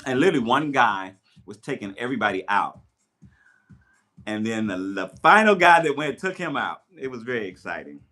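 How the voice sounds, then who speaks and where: A man chatting casually on a livestream while he takes down his hair, telling stories with lively quoted voices. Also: mid-range voice, moderate pace. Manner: chatty, animated storyteller with playful voices in quotes. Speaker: live streamer. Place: at home doing his hair. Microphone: tablet mic.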